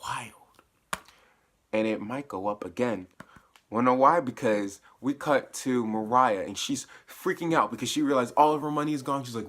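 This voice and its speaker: Guy doing a chill spoiler recap, bright voice, slangy and gets hyped telling the scenes. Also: mid-range voice, normal speed. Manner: chatty, retells scenes with bursts of excitement; laughs and uses slang while recapping. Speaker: TV episode reviewer.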